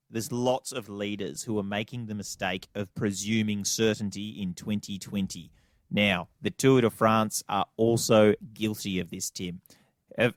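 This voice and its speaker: A man's voice: mid-range voice, no room sound, clean studio sound. A man with an Australian accent co-hosting a podcast, bantering in a playful, mock-serious way. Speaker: podcast co-host. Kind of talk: casual comedic podcast chat.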